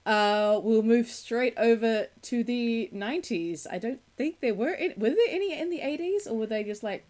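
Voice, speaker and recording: A woman's voice: on the high side, expressive, normal speed, darkish tone. A woman co-hosting a film podcast who chats casually and drops dry, wry asides. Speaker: podcast co-host.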